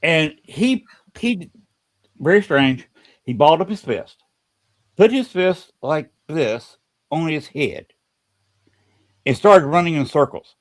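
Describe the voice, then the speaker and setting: Halting, fairly high-voiced man telling a story. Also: expressive. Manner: halting, repeats words and restarts often. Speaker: podcast host telling a ghost story. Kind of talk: casual storytelling.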